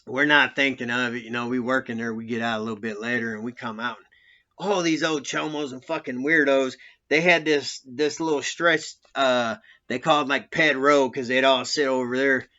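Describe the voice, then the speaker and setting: Profane man with a bright, sharp voice. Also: medium pitch, fairly even intonation, normal speed. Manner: profane, laughing, rambling. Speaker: former prisoner telling stories. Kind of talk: casual storytelling. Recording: dull lo-fi recording.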